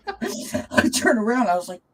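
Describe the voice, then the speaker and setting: A woman's voice: fairly high pitch, low-quality recording. A chatty woman hosting a live tarot reading stream, greeting viewers, laughing often and cooing to her cat. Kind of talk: casual live-stream chat.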